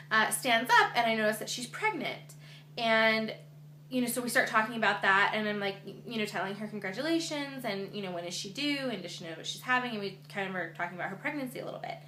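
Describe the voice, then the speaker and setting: A woman's voice: mid-range voice, pushed and bright. A young woman vlogger chatting earnestly to her camera, with lots of fillers. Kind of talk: casual chat to camera. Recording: echoey room with faint hum.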